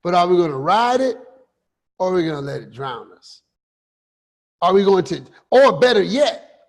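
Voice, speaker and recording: A man giving a motivational talk as a coach, emphatic, with repeated rhetorical questions and slow stressed phrases. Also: high voice, big pitch swings, vocal fry. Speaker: finance and life coach host.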